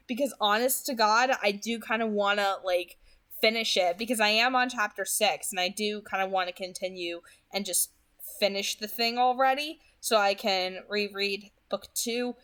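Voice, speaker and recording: A woman's voice: mid-range voice, a bit bright. Chatty woman with a New Jersey accent. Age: 20s. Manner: chatty, rambling, repeats words, many fillers. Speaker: book reading channel host. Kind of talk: casual commentary after a read-aloud. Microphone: home studio microphone.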